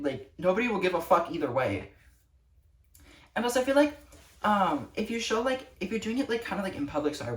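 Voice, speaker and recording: Low-voiced teen girl ranting profanely. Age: teens. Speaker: vlogger. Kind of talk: casual rant to camera. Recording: echoey room, distant mic.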